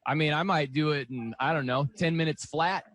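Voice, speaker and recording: A man's voice: on the high side, brisk, fairly bright tone. A man hosting a sports radio show, asking questions casually and joking about himself. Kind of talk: radio interview.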